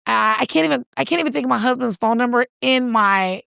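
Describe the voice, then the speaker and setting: A woman in her thirties co-hosting a casual chat, telling a lively story and acting out the voices. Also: on the high side, fast talker, gravelly, smooth, no echo, clean studio sound. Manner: animated storyteller, acts out voices and cries. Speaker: podcast co-host.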